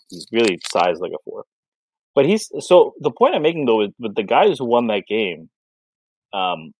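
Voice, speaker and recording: A man's voice: on the low side, a little hiss or hum, poor audio. A man co-hosting a podcast in casual sports chat, rambling with many fillers and restarts. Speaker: podcast co-host.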